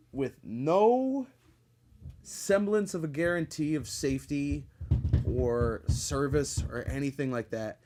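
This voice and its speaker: A man hosts a podcast and spins long personal stories in a casual, meandering way. He swears freely and leans on plenty of ums and uhs. His voice sits at an ordinary middle pitch. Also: a little mellow. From Connecticut. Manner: profane, rambling, with frequent fillers and laughs. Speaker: podcast host. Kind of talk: casual storytelling monologue.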